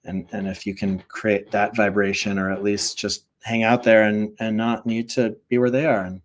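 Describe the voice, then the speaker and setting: A young man with a slightly low voice talks casually as a spiritual teacher. His delivery is loose and rambling, full of "like" and "you know" as he shares a story and draws a lesson from it. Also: little pitch movement, moderate pace.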